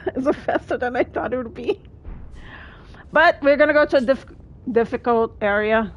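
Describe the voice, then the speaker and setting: A woman streamer commenting live on her gameplay, excitable, often yelping and laughing. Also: high-pitched, normal speed, highs cut off. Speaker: streamer playing a video game.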